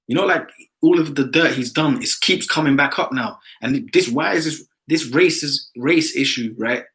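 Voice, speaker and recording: A man's voice: on the high side, moderate pace, a bit bright, poor audio. A man in casual discussion, talking emphatically and ending many phrases with "man".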